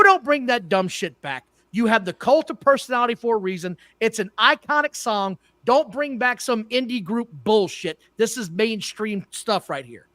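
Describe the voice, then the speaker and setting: A man's voice: high-pitched, bright, forceful tone, no echo, studio quality. A man co-hosting a wrestling podcast, blunt and opinionated, who often trips over names. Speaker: podcast co-host. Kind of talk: casual wrestling talk.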